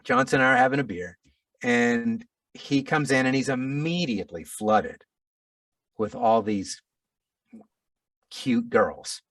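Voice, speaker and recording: A middle-aged man, an audiobook narrator, telling a story in a casual interview, animated and self-deprecating with frequent restarts. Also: medium pitch, slow pace, pauses often, no room sound, recorded from a distance.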